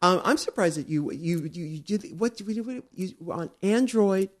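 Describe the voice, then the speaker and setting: Man, host, playful, teasing, incredulous, animated intonation, casual chat. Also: sits high, normal speed.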